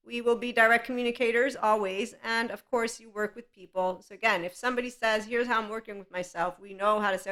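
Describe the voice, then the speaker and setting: A woman's voice: fairly high pitch, fairly even intonation, fast talker, few pauses, fairly bright tone. A woman hosting a podcast, telling a personal story in a candid, blunt way and laughing often. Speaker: podcast host. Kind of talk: casual monologue.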